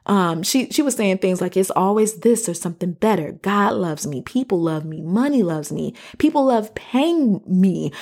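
Husky, animated woman podcast host. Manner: animated, slangy, jumps into high-pitched quoted voices. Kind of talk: casual storytelling monologue.

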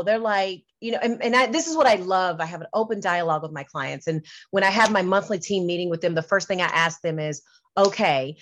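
A middle-aged woman talking candidly and earnestly as an interview guest, repeating and restarting phrases as she makes her point. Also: lowish voice. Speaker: singer and entertainment business owner, interview guest.

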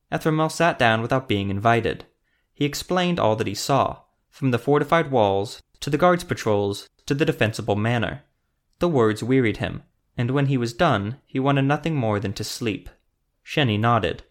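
A man reading fantasy audiobook narration in a steady, even storytelling manner. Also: mid-range voice, moderate pace.

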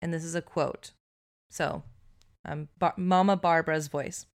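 A woman's voice: sits low, fairly even intonation, a little slow. Chatty woman telling a true crime story. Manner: chatty, swears freely, many "like"s. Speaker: podcast co-host.

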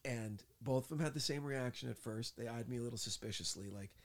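A middle-aged man from New Jersey, co-hosting a podcast and telling stories in a casual, animated way, acting out quotes. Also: mid-range voice, quick pace. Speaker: podcast co-host. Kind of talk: casual chat, storytelling.

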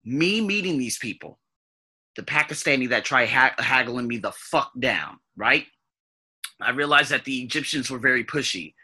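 A man hosting an English-learning podcast, telling stories in a rambling, profane and animated way. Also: medium pitch, normal speed, breathy edge. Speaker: ESL podcast host. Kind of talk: casual storytelling monologue.

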